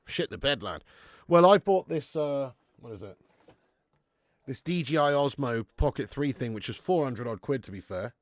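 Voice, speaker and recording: A man's voice: medium pitch, lively intonation, normal speed, dry recording, clean studio sound. A man doing a live football watch-along, chatty and sweary, reading out viewer messages on a webcam mic.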